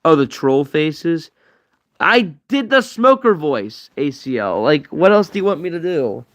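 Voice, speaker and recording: A man's voice: fairly high pitch, big pitch swings, a little slow. Young man rambling on a livestream. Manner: rambling, reads out chat and answers it. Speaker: livestream host. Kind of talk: casual livestream Q&A.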